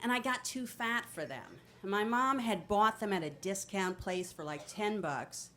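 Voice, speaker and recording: On stage at a city storytelling venue, a woman in her fifties from New Jersey spins a comic true story into a mic, brash and animated. She speaks at a moderate pace in a medium pitch.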